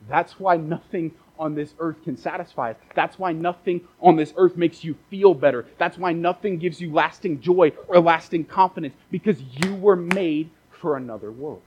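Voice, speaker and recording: A man's voice: a little high, normal speed, few pauses, darkish tone, highs cut off, a little hiss or hum. A man preaching a casual, conversational sermon as a pastor, repeating phrases for emphasis and dropping joking asides.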